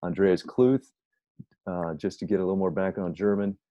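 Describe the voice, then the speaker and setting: A middle-aged man delivers a recorded lecture in a deep, warm voice. He explains ideas carefully, often asking a question and then answering it. The sound is dry and slightly dull, like a lo-fi classroom recording. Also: flat delivery, moderate pace, no echo. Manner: explanatory, asks and answers his own questions. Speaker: instructor.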